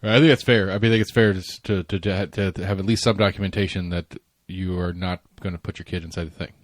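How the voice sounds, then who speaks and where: A man's voice: low-pitched, flat delivery, fast talker, no room sound. A man, co-hosting a casual podcast chat, rambling, repeating words and swearing offhand. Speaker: podcast co-host.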